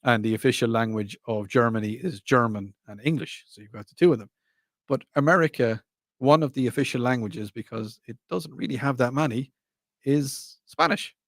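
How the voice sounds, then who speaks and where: A man's voice: mid-range voice, moderate pace, dry recording, clean studio sound. Rambling man hosting a radio show. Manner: rambling, self-correcting, laughs often. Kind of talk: casual chat.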